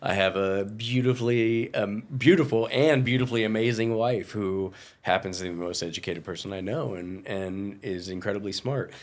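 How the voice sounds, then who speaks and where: A middle-aged man with a fairly low voice speaks in a relaxed podcast chat. He rambles a little and restarts his sentences as he thinks. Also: normal speed, hardly any pauses. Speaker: podcast guest, chef. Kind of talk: casual chat.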